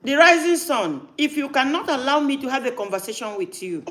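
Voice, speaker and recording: A man's voice: extremely high pitch, lively intonation, a little fast, fairly bright tone. A man hosting a live stream, talking insistently and cutting in with repeated no's. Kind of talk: heated live-stream talk.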